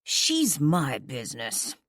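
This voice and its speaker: A woman's voice: rumbling low, huge pitch swings, slow pace, fairly bright tone, no echo, clean studio sound, exaggerated voice. A woman reading a protective, hot-headed young man who snarls threats, in an audiobook. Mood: angry. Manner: angry and threatening.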